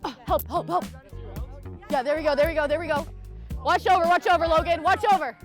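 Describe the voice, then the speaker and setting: A young woman shouting and laughing calls while playing volleyball outdoors in a park, recorded from a distance. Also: high voice, brisk. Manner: shrieking, laughing game calls. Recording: distant outdoor audio with music and crowd.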